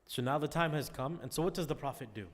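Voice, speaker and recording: A man's voice: a little high, fast. A man teaching a class in a conversational lecture, often checking in with his listeners. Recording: long reverb.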